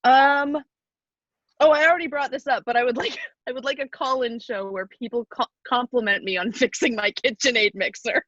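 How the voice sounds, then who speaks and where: A young adult woman chatting casually on a podcast, pitching ideas and laughing often. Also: normal speed, fairly bright tone, dry recording, lo-fi sound.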